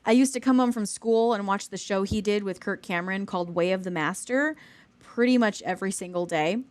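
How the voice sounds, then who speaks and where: A young adult woman co-hosting a podcast, talking in an earnest, animated way in casual faith discussion. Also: mid-range voice, a little fast. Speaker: podcast co-host.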